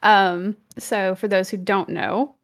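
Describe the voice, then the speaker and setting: A young woman with a Louisiana accent talks casually over a video call. She laughs a lot and gets lively when she cares about something. Her voice sits at a middle pitch for a woman. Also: takes it slowly. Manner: laughs often, animated when passionate. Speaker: streamer and guest. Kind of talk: casual chat. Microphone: desk mic with earbuds, video call.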